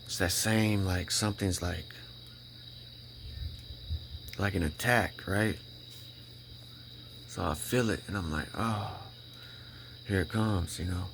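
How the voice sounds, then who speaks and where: A man's voice: sits low, vocal fry, noisy background. A man telling his personal faith story in a casual, emphatic way. He repeats himself, restarts his sentences and keeps checking in with "right?" and "you know?". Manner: halting restarts when emotional. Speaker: vlogger sharing a personal faith testimony. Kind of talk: casual spoken testimony.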